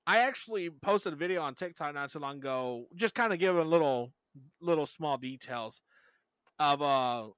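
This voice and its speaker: A man co-hosting a casual fan podcast, laid-back and quick to laugh. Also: a little high, lively intonation, a bit bright, smooth, no echo. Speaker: podcast co-host.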